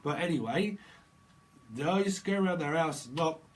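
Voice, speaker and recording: A man's voice: fairly high pitch, expressive, moderate pace, slight background noise. A man giving an off-the-cuff tarot reading, rambling and joking with many fillers. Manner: rambling, joking, acting out imagined dialogue in voices; frequent fillers and laughter. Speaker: tarot reader.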